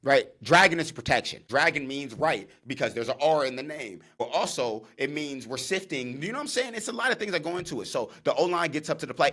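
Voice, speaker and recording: A young man hosts his own podcast in a loose, casual monologue. He talks with animation and breaks into loud, higher-pitched shouted calls as he acts out the field. His voice swings widely in pitch and loudness. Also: lively intonation, quick pace, few pauses. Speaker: podcast host, former college defensive back.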